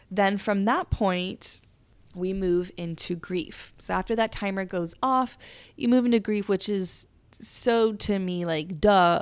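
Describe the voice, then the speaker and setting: A woman's voice: fairly low pitch, vocal fry, smooth, dry recording. A young woman hosting a podcast, talking in a whispered role-play style, candid and emotional and swearing freely. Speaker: podcast host. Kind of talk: soft-spoken personal reflection.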